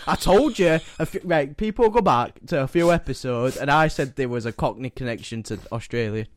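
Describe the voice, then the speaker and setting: A man's voice: mid-range voice, a little fast, slight background noise. A man co-hosting a podcast in casual chat, teasing and laughing easily. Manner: giggly, teasing, easily amused. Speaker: podcast co-host.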